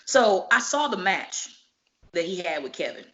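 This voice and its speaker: A woman, a professional wrestler, telling stories in a casual interview, animated and profane, acting out each exchange. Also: lowish voice, normal speed. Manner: animated, profane, acts out dialogue. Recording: muffled lo-fi recording.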